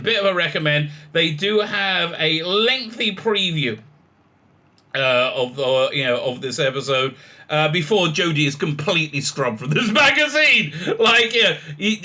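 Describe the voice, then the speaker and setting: Sarcastic ranting man, very bright voice. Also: fairly high pitch. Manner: sarcastic, scornful, with frequent stammered restarts. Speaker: YouTube commentator. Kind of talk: ranting vlog commentary.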